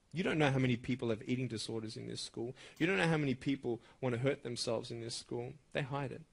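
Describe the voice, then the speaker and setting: A man delivering a motivational speech at a school assembly, emphatic and swinging from loud bursts to hushed intensity. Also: medium pitch, vocal fry, slightly rough. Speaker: motivational speaker.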